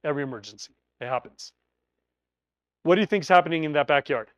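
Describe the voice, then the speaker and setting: A man teaching emergency preparedness, talking through a scenario in an animated storytelling way and acting out quoted voices. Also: fairly high pitch, quick pace, dry recording.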